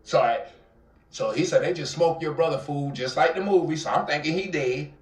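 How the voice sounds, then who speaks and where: A man with an Atlanta accent telling a dramatic personal story in an interview, acting out the voices and swinging between loud outbursts and near-whispers. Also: fairly high pitch, moderate pace, slight background noise. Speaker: guest telling his life story. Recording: roomy, somewhat distant mic.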